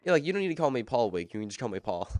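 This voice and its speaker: A man's voice: mid-range voice, sing-song, very fast, darkish tone, dry recording. A man streaming a game live, chatting casually and rambling as he answers viewers' chat while he plays.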